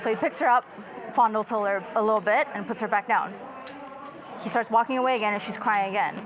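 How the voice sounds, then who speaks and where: Casting: a playful woman telling a joke at a card table, mid pitch, noisy mic. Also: quick pace. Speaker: poker player.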